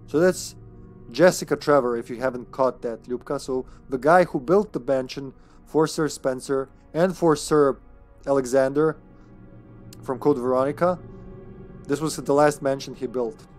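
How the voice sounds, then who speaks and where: A game streamer giving chatty live commentary on a horror game, excitable and swearing when startled. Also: mid-range voice, moderate pace, soft background music.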